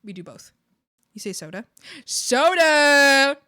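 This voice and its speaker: A woman's voice: medium pitch, moderate pace, a bit bright, no echo, studio quality. A Canadian woman from the Maritimes chatting casually on a live art stream, bubbly and giggly, rambling with lots of fillers.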